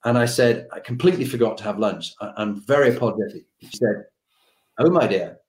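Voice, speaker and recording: A man recounts an army anecdote, acting out each voice in the story. His pitch rises and falls widely as he goes. The recording has a roomy echo. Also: a little fast. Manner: acts out dialogue with lively voices and laughs. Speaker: storyteller recalling army days. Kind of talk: animated anecdote telling.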